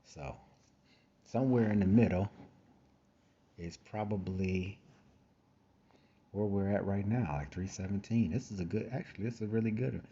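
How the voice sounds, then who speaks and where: A man's voice: lowish voice, moderate pace, pauses often, warm tone, slightly rough, lo-fi sound. A man hosting a casual screen-share trading tutorial, talking conversationally with frequent fillers and repeated phrases, a little tired. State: tired, yawning. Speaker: trading course host.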